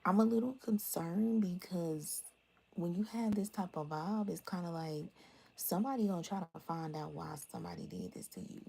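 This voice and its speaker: A young woman with a low, gravelly voice gives a casual tarot reading straight to her viewers. She talks bluntly and with lots of life, swearing freely. Her tone stays husky and a bit rough the whole way through. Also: moderate pace, poor audio. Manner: blunt, profane and animated. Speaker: tarot reader.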